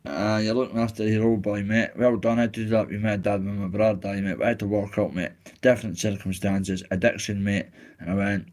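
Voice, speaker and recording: A man's voice: fairly low pitch, flat delivery, a little fast, darkish tone. A Scottish man chatting casually on a live stream, reading out chat messages in a blunt, candid way with plenty of swearing and heartfelt asides.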